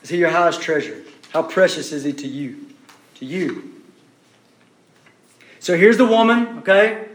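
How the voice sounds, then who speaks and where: A man preaching a sermon, emphatic and repeating his phrases, dropping to hushed questions to the listeners. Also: on the high side, expressive, unhurried, pauses often. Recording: echoey room.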